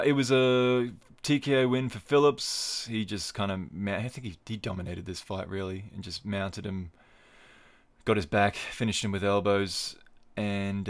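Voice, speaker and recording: Male podcast host, lower voice, dry jokey tangents while he runs through results. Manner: wry, digressive, jokey asides. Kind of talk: casual solo podcast commentary.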